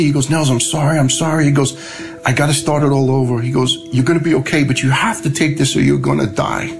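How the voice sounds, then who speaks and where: A middle-aged man, telling a personal story in a plain, conversational way and quoting others in lively voices. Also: mid-range voice, fast, vocal fry, music in the background, low-quality recording. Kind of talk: personal story told to a host.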